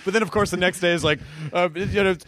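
A man hosting a casual chat, riffing in a lively, jokey way. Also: high-pitched, fast, rough recording. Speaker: host.

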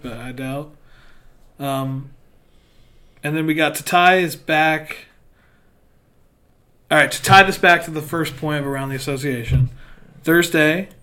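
A man's voice: fairly high pitch, fairly bright tone. A man co-hosting a casual sports chat, reading news items and arguing back. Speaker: co-host.

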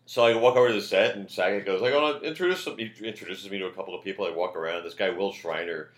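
Deep-voiced man telling a story. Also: fast, echoey room. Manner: loud, animated when quoting others. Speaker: comedian guest. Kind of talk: casual storytelling chat.

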